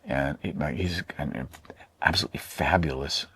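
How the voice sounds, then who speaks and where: An artist and painter from Oregon, USA, is interviewed and talks casually, rambling and hesitant with many fillers and restarts. His voice is extremely low-pitched, sharp-toned, and slightly rough, at normal speed.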